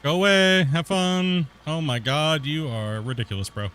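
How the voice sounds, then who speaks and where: A young man with a Pacific Northwest accent tinged with West Coast Canadian chats on his gaming stream. His voice sits a little high, and he keeps it loose with plenty of slang and laughter. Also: normal speed, a bit bright, a little hiss or hum. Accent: Pacific Northwest US, with West Coast Canadian touches. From northern US near the Canadian border. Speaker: game streamer. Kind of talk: casual gaming stream chat.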